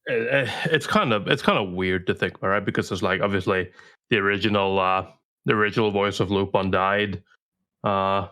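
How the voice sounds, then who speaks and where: A man co-hosting a podcast, chatting casually in an animated, insistent way. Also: fairly low pitch, brisk. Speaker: podcast co-host.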